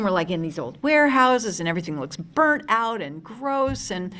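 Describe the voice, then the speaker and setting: Woman in her fifties, panel guest, lively storytelling, chatty fillers. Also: mid-range voice, brisk, few pauses. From United States. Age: 50s. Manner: animated anecdotes with many fillers and restarts. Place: convention panel room.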